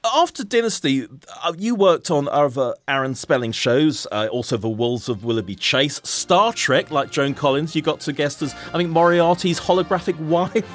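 Lively, enthusiastic male radio host. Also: a little high, normal speed, hardly any pauses, no echo, soft background music. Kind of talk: interview chat.

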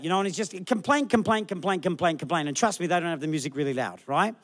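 This middle-aged man preaching as a pastor has a voice that sits high, and he talks fast with few pauses. His lively, humorous stories come with put-on voices for whoever he's quoting.

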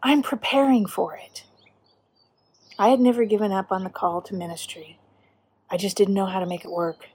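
A middle-aged woman pastor preaching a sermon, earnest and measured, slowing down for emphasis. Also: mid-range voice, warm tone, breathy edge.

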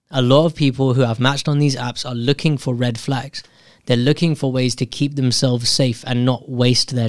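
A man tells a personal story in a loose, unscripted monologue, candid and questioning himself as he thinks aloud, often stopping and restarting phrases. His pitch is ordinary, and the recording is close and dry with no room sound.

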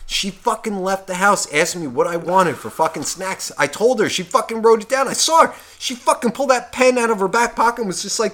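A man's voice: high-pitched, lively intonation, brisk, few pauses, sharp tone. A man co-hosting a podcast, telling a story in a heated, profane rant. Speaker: podcast co-host. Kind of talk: casual comedic storytelling.

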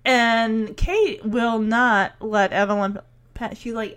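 A woman's voice: fairly high pitch, slow pace, a bit bright. A woman chatting casually as she recaps a show, giggling often and playfully voicing the characters' lines.

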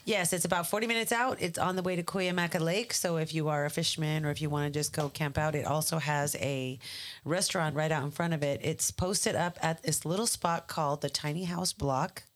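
A woman co-hosting a casual podcast chat, playful and quick with asides. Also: low voice, steady tone. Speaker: podcast co-host.

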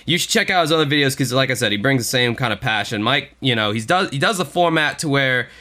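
Man, podcast co-host, bright forceful voice, rambling, swears a lot. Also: mid-range voice, lively intonation, quick pace. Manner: rambling, profane, self-deprecating. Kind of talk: casual podcast chat.

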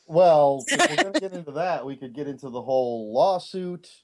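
A man's voice: on the high side, big pitch swings, normal speed, crowd noise. A man co-hosting a podcast in casual chat, making wry, sarcastic quips. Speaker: podcast co-host.

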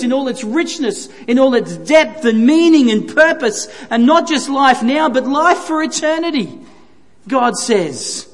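A man's voice: extremely high pitch, expressive, measured pace. A man preaching a sermon, earnest and emphatic, repeating phrases for stress. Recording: reverberant hall.

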